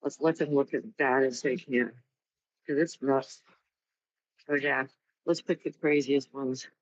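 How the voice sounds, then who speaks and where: A woman's voice: extremely low pitch, fairly even intonation, measured pace, no room sound. A woman in a casual political chat, talking in an upbeat, sarcastic way. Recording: dull dry lo-fi line.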